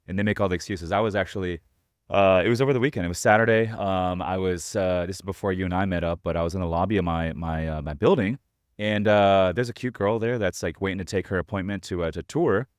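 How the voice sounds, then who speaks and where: A man's voice: low voice, fast, smooth, no echo, clean studio sound. A man hosting a podcast, telling a story in a rambling way with lots of fillers. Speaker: podcast host. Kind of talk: casual interview conversation.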